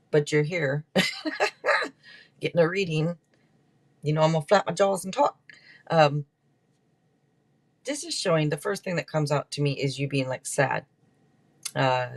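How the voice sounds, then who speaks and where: A woman hosting a live tarot stream, chatting casually and rambling through card meanings. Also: deep voice. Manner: chatty and rambling, with many restarts.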